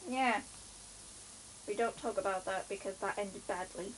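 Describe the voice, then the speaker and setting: A woman's voice: medium pitch, fairly even intonation, unhurried, slight background noise, low-quality recording. A woman chatting casually with a co-streamer in a playful, hesitant way. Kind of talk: casual chat.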